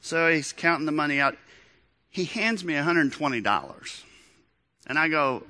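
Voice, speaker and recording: Man pastor, lively funny sermon storyteller, forceful bright tone, voice sits a bit high. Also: normal speed, pauses often. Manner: animated, humorous storytelling.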